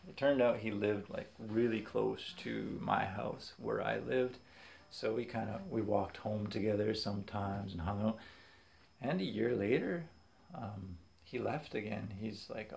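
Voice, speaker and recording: A young man casually telling funny stories from his childhood, animated and quick to laugh. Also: on the low side, creaky, a little hiss or hum. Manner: animated, acts out voices in quotes, laughs often. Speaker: vlogger. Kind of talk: casual storytelling.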